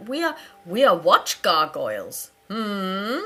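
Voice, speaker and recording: A woman's voice: mid-range voice, wildly swooping pitch, slow, bright, forceful tone, heavily acted. A woman voicing a small, friendly gargoyle guard who talks eagerly.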